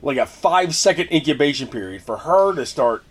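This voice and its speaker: A man's voice: a little high, lively intonation, a little fast, a little hiss or hum. Rambling man recapping a movie. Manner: rambling, filler-heavy retelling. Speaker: podcast co-host. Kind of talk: casual movie recap chat.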